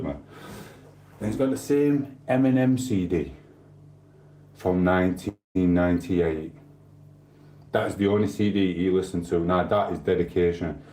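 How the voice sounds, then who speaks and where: A man's voice: low-pitched, warm tone, echoey room. A man hosting a stream, rambling in casual chat with swearing and asides to viewers. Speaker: livestream host.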